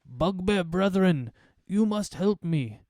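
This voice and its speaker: A man's voice: sits high, expressive, slow, dark tone, no room sound, studio quality, pitched above the performer's own voice. A man putting on an indignant bugbear wizard woman. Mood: pleading. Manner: pleading, insistent.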